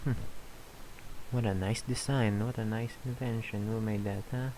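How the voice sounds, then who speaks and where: A man's voice: lowish voice, fairly even intonation, moderate pace, warm tone, a little hiss or hum, rough recording. A tired man casually commenting on his gameplay, mumbling asides and reading game text aloud. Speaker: let's play gamer.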